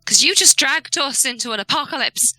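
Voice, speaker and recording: A woman's voice: on the high side, fairly quick, bright, forceful tone, faint music behind, rough recording. A woman voicing a distrustful young adventurer in a tabletop game, blunt and resentful.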